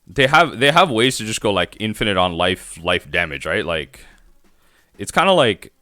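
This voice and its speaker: A man with a low voice that swings up and down with a bright, forceful edge, commentating his own game on a live stream. He rambles through his thinking out loud and restarts his sentences as he works out each play. The sound is dry and close, with no room around it. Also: big pitch swings, normal speed, no room sound. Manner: thinks aloud, rambling self-talk with restarts. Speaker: streamer playing a card game.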